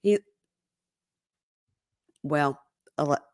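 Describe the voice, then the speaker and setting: A woman's voice: sits low, very slow, dry recording, clean studio sound. A woman hosting a podcast, chatting casually and acting out quoted lines as she recaps a reality show. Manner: animated storyteller, acts out quoted lines. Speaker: podcast host.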